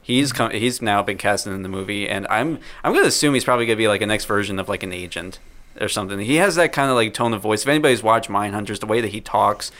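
A man's voice: lowish voice, expressive, fast talker, fairly bright tone. A young man co-hosting a casual podcast, rambling and hedging with filler words and laughing easily. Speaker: podcast co-host. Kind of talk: casual chat.

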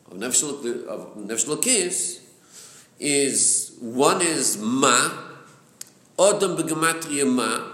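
Lively male teacher, high-ish voice, repeats himself as he explains, recorded in a roomy space. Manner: lively, repeats words, mixes Hebrew and Yiddish terms into English. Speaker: Torah class teacher. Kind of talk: Chassidic text class, explaining to students. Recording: echoey room.

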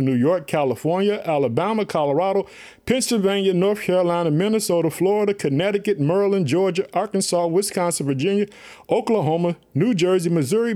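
A man's voice: on the high side, a little mellow. A man from Illinois preaching a podcast sermon, fervent and repetitive, calling out to his listeners again and again. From Illinois, USA. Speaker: pastor and podcast host.

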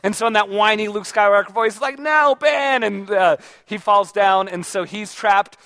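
A man giving an informal talk to a live audience, speaking conversationally with plenty of fillers and restarts, and pausing to ask the audience questions. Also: sits high, flat delivery, a bit bright, no echo. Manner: checks in with the audience by asking questions. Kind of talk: informal lecture.

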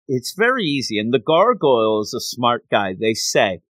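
A man casually retelling a comic book story, acting out the characters with quick asides. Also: medium pitch, a bit bright, no room sound.

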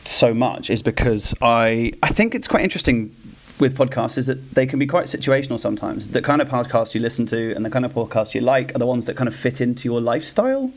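A man appearing as a guest on a podcast, speaking thoughtfully in measured casual chat. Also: mid-range voice, expressive.

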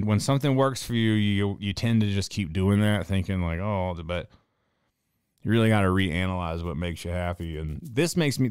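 A man's voice: lowish voice, clean tone, no room sound, clean studio sound. A man hosting a podcast in casual, rambling chat, swearing often and slipping into heated rants. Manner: profane, rambling, ranting. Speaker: podcast host.

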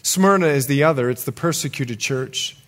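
A man's voice: medium pitch, normal speed, fairly bright tone. A male pastor preaching a sermon emphatically and teaching from scripture.

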